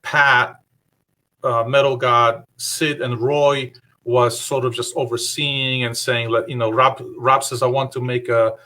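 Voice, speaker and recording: A man with a bright, forceful voice tells long stories as a guest on a video call. He rambles through them with plenty of fillers. He quotes what he said back then. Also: mid-range voice, little pitch movement, measured pace. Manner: rambling anecdotes with many fillers; acts out his own past remarks in quotes. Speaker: guest guitarist. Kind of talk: casual interview storytelling.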